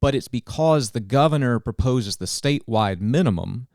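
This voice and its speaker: Man, policy explainer, earnest and animated, dry close sound. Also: mid-range voice, no echo. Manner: earnest, detailed and animated, with quick restarts. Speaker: governmental affairs director. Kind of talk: explaining policy in a podcast chat.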